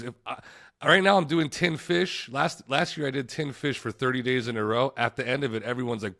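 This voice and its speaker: A man's voice: mid-range voice, fairly quick, fairly bright tone. A man, a travel creator telling stories as a guest in a casual podcast interview, laid-back, laughing often and calling people dude.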